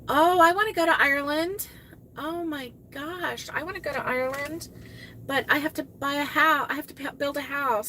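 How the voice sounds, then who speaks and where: Excitable woman on a crochet livestream, bright, slow-paced chat. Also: a little high, slight background noise. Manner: gushing, exclaims and gasps, laughs often. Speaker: crochet channel host reading live chat. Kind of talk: casual live-stream chat.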